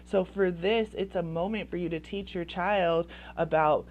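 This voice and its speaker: A woman's voice: on the low side, steady tone, measured pace, hardly any pauses, darkish tone, a little hiss or hum. A woman coaching parents in casual advice talk, chatty and full of "like" fillers. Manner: chatty, heavy use of "like" fillers.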